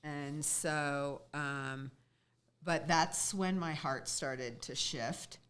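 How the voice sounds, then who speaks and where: Female guest, low and slow; sincere, emotional storyteller. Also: steady tone, fairly bright tone, smooth. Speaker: interview guest, fiancée. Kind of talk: casual chat.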